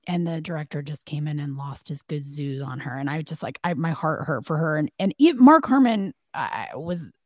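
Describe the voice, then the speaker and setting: A woman with a somewhat low voice chats as a podcast co-host. She tells her stories with energy and slips into the voices of the people she quotes. The recording is close and dry, with no room sound. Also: moderate pace, hardly any pauses, dry recording. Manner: animated storyteller, acts out quotes. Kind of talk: casual chat.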